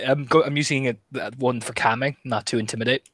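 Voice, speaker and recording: A man playing a character in a tabletop role-playing game, talking rules quickly and casually. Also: medium pitch, dry recording. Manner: animated, laughing, quick rules talk. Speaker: player.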